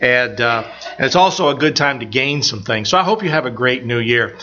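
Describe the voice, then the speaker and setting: A man's voice: mid-range voice, expressive, fairly quick, sharp tone, highs cut off. A man pastor giving a rambling, folksy sermon full of stories and fillers. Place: church.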